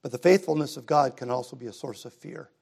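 A man's voice: mid-range voice, fast, gravelly, a little mellow, husky. A middle-aged man preaching a sermon in a church, easygoing and conversational, rising to emphatic passages. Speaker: pastor. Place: church sanctuary.

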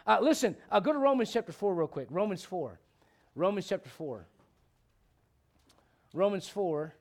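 Animated and talkative, a middle-aged male pastor preaches a midweek Bible study sermon. He jokes briefly with the congregation in quick asides and lets his voice leap high for emphasis.

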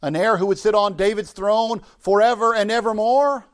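A man preaching a sermon as pastor, rising to emphatic declarations and dropping low and soft at the ends of phrases. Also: normal speed, clean tone.

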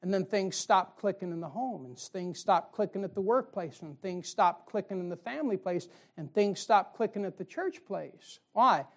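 A man's voice: sits high, lively intonation, normal speed, hardly any pauses. A male pastor preaching a sermon in a folksy way, firing rhetorical questions at his congregation.

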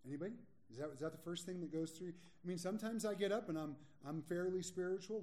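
A man preaching a sermon as pastor, candid and joking, and slowing down to stress his key points. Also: sits high, mellow. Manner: candid, joking, slows for emphasis. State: a little sleepy.

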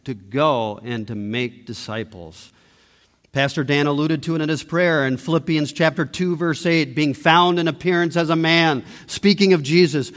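A man preaching a sermon as pastor, emphatic, rising to loud peaks and dropping to hushed low lines. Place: church sanctuary. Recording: long reverb of a church hall.

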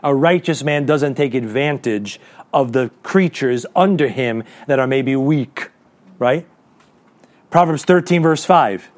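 A man preaching a sermon to a congregation, asking rhetorical questions and reading scripture slowly and deliberately. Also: medium pitch. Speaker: pastor.

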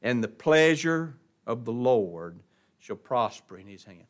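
In his sermon, a man shifts from forceful, loud emphasis to quiet asides and keeps asking the congregation questions. His voice is medium in pitch, swings widely, and keeps a measured pace.

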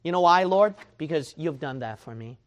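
A man preaching a sermon to his church, dropping to a hush and then rising to a shout as he mocks his listeners' excuses. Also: fairly high pitch, expressive, moderate pace. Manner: swings from hushed to shouting, mocks excuses in whiny voice.

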